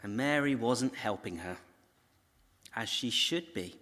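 Man, bible teacher, chatty storytelling, very lively pitch, slow unhurried pace, long hall reverb. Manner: conversational, animated storytelling with asides to viewers. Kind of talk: recorded Bible teaching talk.

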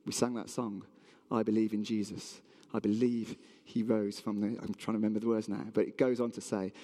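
A male preacher delivering a sermon, his pitch swinging widely as he tells the story and quizzes his listeners. His voice sits a little higher than most men's. A long reverb from the church hall trails every phrase. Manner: animated storytelling, asks the audience questions.

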